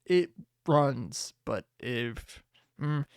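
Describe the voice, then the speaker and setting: A man hosting a casual solo podcast, rambling, swearing and laughing often, with sudden jumps in pitch. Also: drawn-out words, smooth, no room sound, clean studio sound. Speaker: podcast host.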